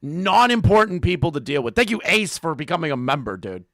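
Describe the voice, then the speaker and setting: A man's voice: on the high side, sing-song, brisk, a bit bright, dry recording. A man streaming live, reacting to a call with crude, mocking commentary and frequent laughter. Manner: profane, mocking, laughs often.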